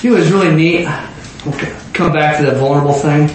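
A young man with a fairly high voice delivers a lively, storytelling sermon, jumping into character voices and bursts of shouting. His voice bounces around a very echoey room, with faint noise underneath. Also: fast talker. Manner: animated, acts out voices and shouts. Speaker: preacher.

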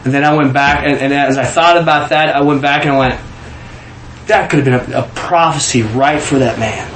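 A man's voice: mid-range voice, fairly quick, fairly bright tone, roomy sound, slight background noise, poor audio. A man from Kansas telling a personal testimony in a casual storytelling way, acting out the quoted voices with frequent restarts. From Kansas, USA.

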